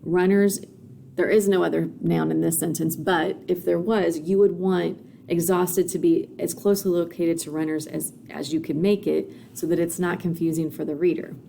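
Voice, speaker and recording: A woman's voice: lowish voice, little pitch movement, normal speed, gravelly, warm tone, a little hiss or hum. A woman teaching a recorded grammar lesson, explaining patiently with frequent fillers and "okay?" check-ins.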